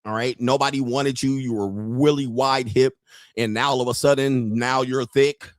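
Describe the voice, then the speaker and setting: A man's voice: mid-range voice, steady tone, normal speed, no echo, clean studio sound. A man hosting a casual live stream, talking straight to his viewers in a brash, profane, rambling way with frequent laughter.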